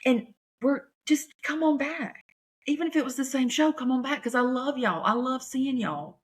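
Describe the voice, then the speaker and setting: A woman comedian, talking in a chatty, folksy, animated way on her podcast. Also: high voice, normal speed. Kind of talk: casual chat.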